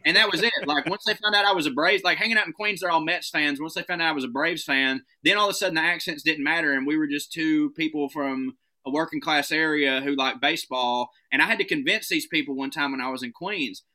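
A male comedian with a thick Southern American drawl tells stories in a loose, swearing, animated way. His voice is very bright and ringing, and his pitch sits a bit high. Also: fast, few pauses. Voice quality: animated storytelling, swearing freely. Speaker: stand-up comedian guest. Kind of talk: casual podcast chat.

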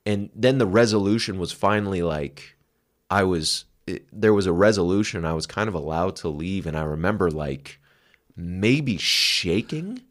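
Deep-voiced guy on a podcast, frank, reflective, swears casually. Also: moderate pace. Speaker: podcast co-host. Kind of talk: candid conversational chat.

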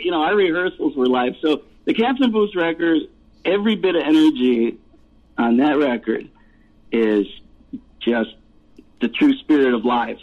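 A man in his fifties, a musician guest, telling rambling stories with laughs and swearing. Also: mid-range voice. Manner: rambling, laughing, profane storyteller. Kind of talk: casual storytelling interview. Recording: tinny phone-like line.

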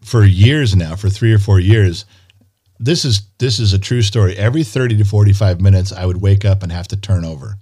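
A man's voice: fairly low pitch, brisk, slightly rough. Grumbling storytelling man, casual chat. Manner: grumbling, animated storyteller, swears.

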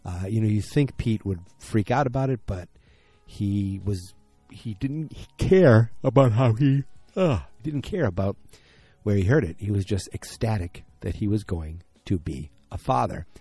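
A man's voice: on the low side, animated, unhurried, warm tone, slightly rough, no echo, soft background music. A tired man hosting a podcast late at night, rambling through a casual episode recap and correcting himself as he goes. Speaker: podcast host.

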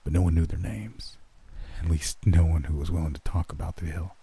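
A man voicing a grieving old farmer in a horror story reading, speaking in a hushed, quivering way. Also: rumbling low, brisk, slightly rough, exaggerated voice. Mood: sorrowful. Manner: hushed, quivering with held-back grief. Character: grieving old male farmer, haunted and secretive.

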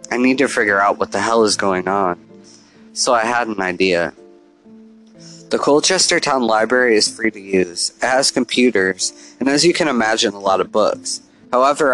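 Low-voiced man narrating a horror diary. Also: fairly bright tone, poor audio. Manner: earnest, confessional diary-like telling. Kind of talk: first-person horror story narration.

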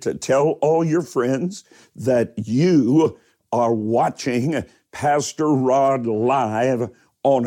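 A male pastor delivers a livestreamed sermon at an unhurried, deliberate pace. His voice is dark and mellow, and he presses hard on key words and drawn-out phrases. He breaks off now and then to greet viewers by name. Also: medium pitch. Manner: emphatic preaching, stretching key words slowly.

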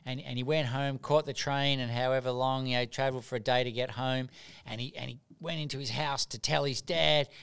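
Middle-aged man, earnest, storytelling, smooth clear voice. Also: medium pitch, fairly bright tone. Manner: earnest storyteller, repeats words as he starts. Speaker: guest, doctor and mentor. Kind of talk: casual interview.

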